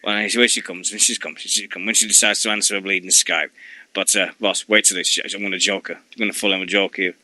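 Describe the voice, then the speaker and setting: Bright, sweary man chatting. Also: low-pitched, steady tone, a little fast, dry recording. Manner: swears freely, rambling and jokey. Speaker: wrestling radio host. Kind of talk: casual chat.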